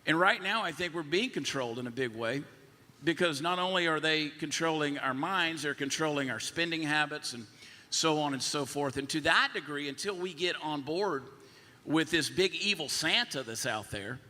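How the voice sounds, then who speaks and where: Bright-voiced rambling man on a panel. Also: a little high, expressive, normal speed, big-room sound. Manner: rambling, restarting sentences, extended analogies. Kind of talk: live panel discussion.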